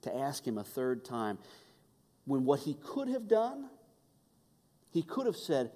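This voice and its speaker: A man preaching a sermon as pastor, telling the story with humor, quick asides and restarts. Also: medium pitch, wildly swooping pitch, dark tone. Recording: long reverb of a large hall.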